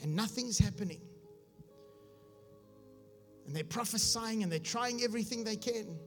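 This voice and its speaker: A man's voice: high-pitched, moderate pace, faint music behind. A man preaching, reading scripture aloud and explaining it with humor, often asking if his listeners follow. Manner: asks his audience if they follow. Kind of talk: sermon.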